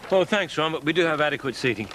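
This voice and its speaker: A man's voice: fairly high pitch, expressive, quick pace, distant mic, noisy background, close to an everyday voice. An actor playing a pompous, stiffly formal middle-aged father in a television drama. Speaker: pompous father at a street party.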